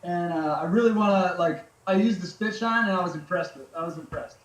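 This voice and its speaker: Laid-back veteran guest, high male voice, loose and profane, echoey room. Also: brisk. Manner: laid-back, swears freely, many fillers. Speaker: podcast guest, military veteran. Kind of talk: casual storytelling chat.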